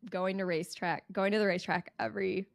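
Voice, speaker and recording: A woman in her twenties co-hosting a podcast, telling a story in a lively, laughing way. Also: medium pitch, fast talker, creaky, no echo, clean studio sound. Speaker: podcast co-host. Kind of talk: casual chat.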